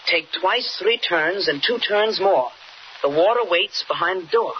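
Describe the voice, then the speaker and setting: An actor playing an eager, excitable teenage boy reporter in a 1940s radio drama, heard on an old radio recording. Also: high voice, unhurried, dull audio, slight background noise.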